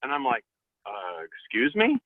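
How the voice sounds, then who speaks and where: A man tells a story in a casual chat, with his pitch swooping up and down as he acts out the quoted lines. He comes through a tinny, phone-like line. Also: wildly swooping pitch, a little slow. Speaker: guest.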